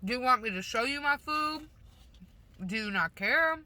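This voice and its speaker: Bright-voiced woman chatting while eating. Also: high voice, lively intonation, moderate pace. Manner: talks with mouth full while eating; rambling, self-conscious, blunt. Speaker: vlogger. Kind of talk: casual rambling mukbang chat. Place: parked car.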